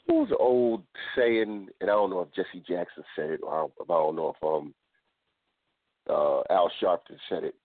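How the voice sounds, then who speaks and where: A man's voice: low-pitched, moderate pace, no echo. Man with a stumbling, phone-line voice. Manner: repeats words and restarts phrases. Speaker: podcast host. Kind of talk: casual chat. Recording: tinny phone-line sound, dry.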